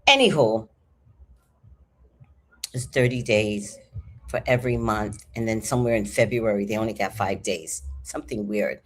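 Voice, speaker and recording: Husky low-voiced woman in her fifties. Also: moderate pace. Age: 50s. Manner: animated, swears freely, chatty asides. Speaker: vlogger. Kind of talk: casual storytelling to camera.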